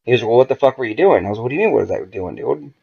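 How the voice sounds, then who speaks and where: A man's voice: mid-range voice, racing, vocal fry, breathy edge, dull audio. A man, a podcast guest, telling a story in a casual, profane way and acting out the dialogue as he goes. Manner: profane, animated, acts out quoted dialogue.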